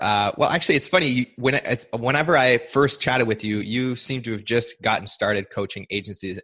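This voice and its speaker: A man's voice: on the low side, fairly bright tone. A man hosting a casual podcast interview, upbeat and encouraging, asking long rambling questions. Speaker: podcast host.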